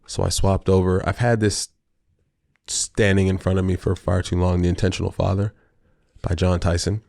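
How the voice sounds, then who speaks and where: A middle-aged man with a low, gravelly voice chats slowly in a casual video diary. He rambles playfully and talks to himself. The sound is dry and close. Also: level tone, a little mellow, no room sound. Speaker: host.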